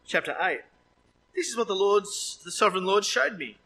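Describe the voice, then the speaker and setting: A man preaching a sermon, lively with joking asides, his voice leaping up when he quotes. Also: high-pitched, fairly quick, slight background noise, low-quality recording.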